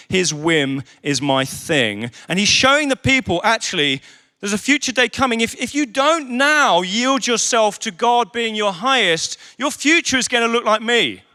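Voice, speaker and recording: A man preaching a sermon at a leaders' conference, telling stories with humour and acting out the voices of the people he quotes. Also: sits high. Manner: animated storytelling with humour. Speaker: conference speaker. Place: conference venue.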